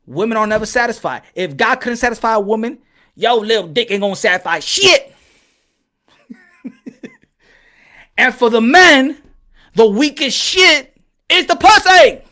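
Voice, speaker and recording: Boxing channel host, male, very high and bright voice, loose comedic rant, constant laughing and cursing. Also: animated, measured pace, pauses often. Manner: laughs often, swears freely, preachy asides.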